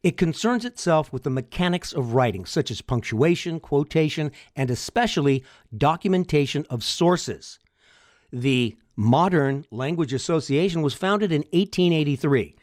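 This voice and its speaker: A man's voice: fairly high pitch, lively intonation, normal speed, darkish tone, no room sound, studio quality. An older man hosting a podcast, talking alone in a chatty, wry way full of rambling asides. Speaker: podcast host. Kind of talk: solo podcast monologue.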